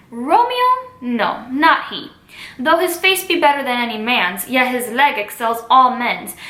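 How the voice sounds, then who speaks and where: A woman's voice: high-pitched, bright, forceful tone, echoey room, heavily acted. A woman reading aloud as the Nurse, a complaining, dawdling old woman servant, mostly in her own plain voice.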